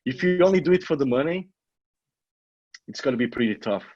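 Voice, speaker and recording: A middle-aged man with a foreign accent and a husky, slightly rough voice coaches an online class with blunt, repetitive emphasis. His voice is dry and close, with no room around it. The audio is dull and lo-fi. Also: mid-range voice, lively intonation, fairly quick, a little mellow, no echo. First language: not English. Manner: emphatic, repeats himself, swears casually. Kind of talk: motivational live coaching talk.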